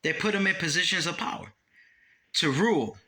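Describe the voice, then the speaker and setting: A man giving a blunt, profane, preachy monologue, quoting scripture and swinging between raised emphasis and low, dropped-voice warnings. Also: brisk, pushed and bright. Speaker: religious commentator.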